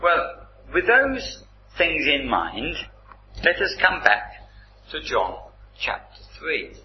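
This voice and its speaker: Guy preaching a sermon real slow and emphatic, voice swoops up and down, echoey room, bit muffled. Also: on the high side, huge pitch swings, slight background noise. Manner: slow, deliberate and emphatic, reading scripture aloud. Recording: roomy, slightly dull recording.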